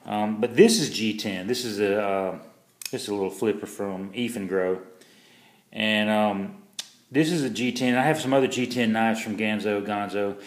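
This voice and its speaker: A man's voice: fairly low pitch, normal speed, roomy sound. A man reviewing a pocket knife in a casual vlog, rambling and self-deprecating, with lots of fillers and restarts.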